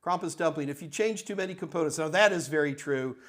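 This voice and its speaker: An older man with a slightly high voice talks fast while hosting a live tech Q&A stream. He answers questions from chat in a blunt, emphatic, ranting manner.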